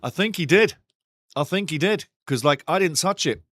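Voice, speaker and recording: A man hosting a live football watchalong, calling the match excitedly and reading chat messages aloud. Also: a little high, moderate pace, no echo, clean studio sound. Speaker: watchalong host. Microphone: studio mic.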